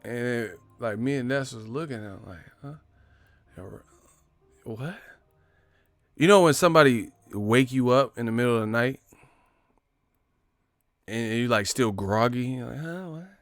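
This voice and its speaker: Man, casual boxing talk, animated storyteller, dry close sound. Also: mid-range voice, moderate pace, no room sound. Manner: animated storytelling, acts out quotes, laughs often. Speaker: boxing commentary host.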